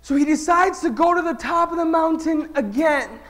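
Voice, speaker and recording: Guy telling kids a story, lots of questions to the crowd, goes loud then quiet, kinda high voice. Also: moderate pace. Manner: animated, swings between loud and hushed; engages the audience with questions. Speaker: speaker at a children's event. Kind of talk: storytelling talk to children.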